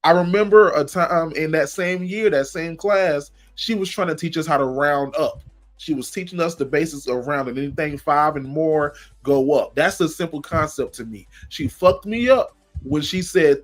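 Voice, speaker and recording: A man co-hosting a comedy podcast, telling a school story in a profane, animated way. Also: a little high, normal speed. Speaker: podcast co-host.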